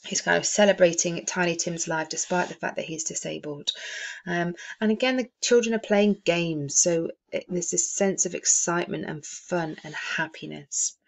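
A woman teacher walking students through a classic novel in a recorded lesson, speaking in a lowish voice. She fills her pauses with frequent "um"s as she explains. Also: gravelly. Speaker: English teacher.

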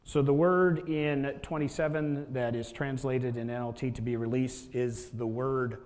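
A man's voice: mid-range voice, steady tone, measured pace, darkish tone. A male pastor giving a conversational sermon and often asking the listeners rhetorical questions. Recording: long hall reverb.

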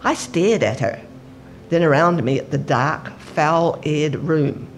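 A woman in church reading aloud from a book in a steady, expressive manner. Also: low-pitched, slow, a little hiss or hum. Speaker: scripture reader.

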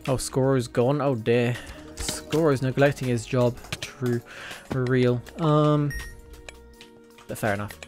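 A British man streaming a game live, rambling along in a middle-pitched voice with a sarcastic edge. He breaks into sudden excited outbursts now and then, with faint music and keyboard clicks in the background. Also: takes it slowly, pauses often. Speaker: gaming streamer. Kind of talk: casual live gameplay commentary.

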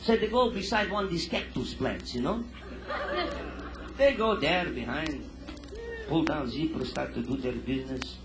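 A man telling stand-up jokes in broken immigrant English, in an animated storytelling manner before a live audience. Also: a little high, normal speed, pauses often, crowd noise, noisy background. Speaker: stand-up comedian. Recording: echoey live room recording. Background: audience laughter.

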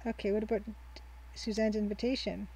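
A woman's voice: mid-range voice, level tone, a little fast, mellow, slight background noise, rough recording. A woman hosting a let's play, chatting casually, reading the game's text aloud and laughing often. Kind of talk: casual gameplay commentary.

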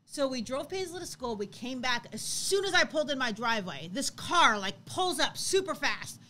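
A high, bright woman in her thirties tells a story in a casual chat. She is animated and breaks into laughter as she acts out what people said, with a faint hum of background noise in the room. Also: moderate pace. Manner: animated, laughs while acting out quotes. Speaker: co-host.

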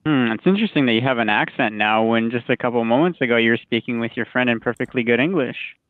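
Man, support agent, fast talker, dry, tinny phone line. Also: medium pitch, no room sound. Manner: brisk and dry.

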